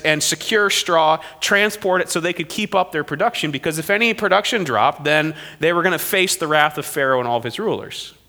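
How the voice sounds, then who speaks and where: High bright-voiced preacher in a hall. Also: male voice. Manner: animated storytelling, acting out quoted figures. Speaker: pastor. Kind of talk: sermon.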